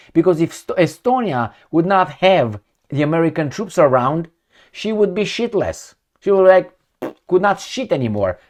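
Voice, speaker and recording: A man giving an angry, profane, mocking political rant with many fillers. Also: a little high. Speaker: commentary vlogger. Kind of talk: ranting political commentary.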